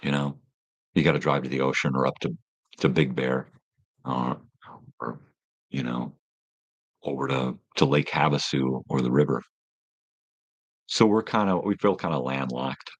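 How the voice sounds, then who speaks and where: A man's voice: extremely low pitch, unhurried, vocal fry, long pauses, husky, no room sound, lo-fi sound. A middle-aged man hosting a live stream, chatting casually with viewers in a rambling, laid-back way full of slang.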